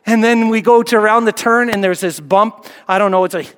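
High-voiced man preaching in reverberant hall. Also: fairly quick. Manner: emphatic, repetitive preaching cadence, swelling then dropping soft. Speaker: pastor. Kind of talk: sermon.

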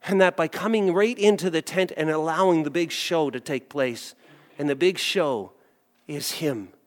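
A man preaching a sermon as a pastor, telling a story with animated acted-out voices. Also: a little high, normal speed, in a large hall.

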